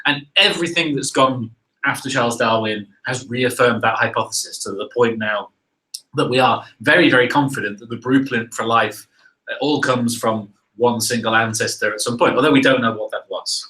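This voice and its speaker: Hosting a live science panel, a man with a medium-pitched, sharp-toned voice reads out viewer questions at a moderate pace. He answers conversationally, thinking aloud with "uh" and "right?". The recording is rough.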